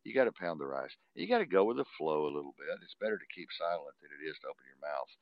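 A man's voice: a bass voice, sing-song, fast talker, no room sound, highs cut off. A man with a Texan accent hosting a live stream, rambling casually, laughing often, with a constant "you know". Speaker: host of a live talk stream.

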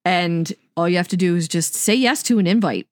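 A woman with a slightly low voice co-hosts a podcast in casual chat. She is enthusiastic, laughs a lot and swears freely. The sound is dry and close to the mic. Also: brisk, dry recording. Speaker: podcast co-host.

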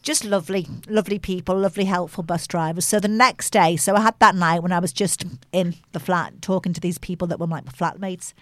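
A woman's voice: on the low side, steady tone, brisk, few pauses, no echo. A woman in her sixties with a Liverpool accent, chatting casually and rambling through a story. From England. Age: 60s. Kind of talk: casual chat.

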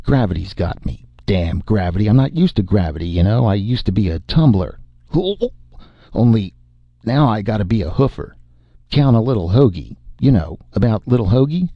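Casting: a man playing a giddy, slurring drunk spacer, raised pitch, gravelly and husky. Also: expressive, normal speed, no room sound, highs cut off. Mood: rambling. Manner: loud, rambling, giddy. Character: drunk, boisterous male spacer just back to Earth.

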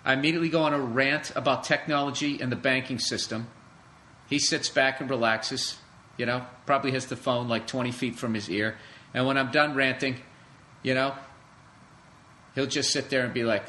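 A man's voice: medium pitch, fairly even intonation, normal speed, pushed and bright, a little hiss or hum. A man hosting a podcast, ranting alone in a sarcastic, profane comedic way. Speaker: podcast host. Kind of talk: solo comedic rant.

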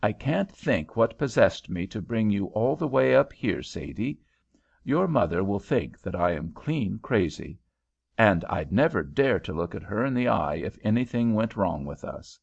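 A man's voice: on the low side, very animated, unhurried, creaky, darkish tone, husky, heavily acted. A man voicing a nervous, fussy older American aunt with a fretful, folksy way of talking, in a storybook reading. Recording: dull lo-fi recording.

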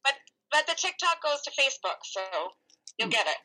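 An upbeat woman calls in as a radio guest, with a bright, clear tone. She laughs easily and chats casually over a phone line. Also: sits high, sing-song, brisk. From Calgary area, Canada. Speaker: singer and barrel racer, guest.

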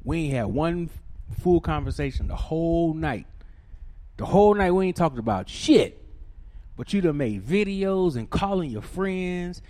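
A man telling a profane, ranting story, swinging from shouting to low muttering. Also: expressive, measured pace.

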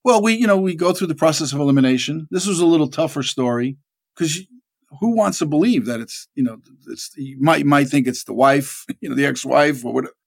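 A man's voice: on the high side, fairly quick, vocal fry. A man telling rambling stories in a casual interview, acting out the people he quotes. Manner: rambling, animated, acts out quoted voices. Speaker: actor guest.

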